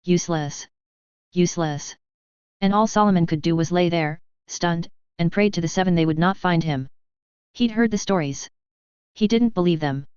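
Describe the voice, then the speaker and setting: A woman reading fan fiction aloud in a steady, plain storytelling manner, on a dull lo-fi recording. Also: lowish voice, normal speed, smooth, no room sound. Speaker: reader.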